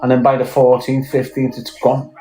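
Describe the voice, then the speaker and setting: A man's voice: mid-range voice, completely flat delivery, moderate pace, mellow, soft background music, poor audio. Blunt, sweary Scouse man. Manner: blunt, sweary, rhetorical questions. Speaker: podcast guest. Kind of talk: blunt casual chat.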